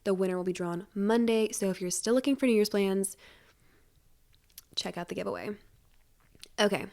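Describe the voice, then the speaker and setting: A young woman in her twenties hosts a casual solo podcast from home, talking quickly in a rambling, self-deprecating manner. Her voice is medium-pitched and darkish, and she has a stuffy nose.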